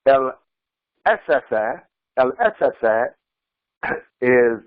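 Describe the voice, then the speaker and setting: A man, an imam, giving a slow commentary on scripture and repeating and explaining Arabic terms. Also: mid-range voice, big pitch swings, no echo, phone-quality sound. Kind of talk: Quran commentary lesson. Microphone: screen-sharing lesson recording.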